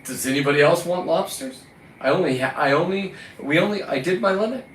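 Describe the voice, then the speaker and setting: A man's voice: on the high side, a little fast. A man from California, a lobster fisherman, delivering a combative, profane vlog rant and scolding the lobsters he caught. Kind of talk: ranting vlog monologue. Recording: roomy, distant mic, faint ambient noise.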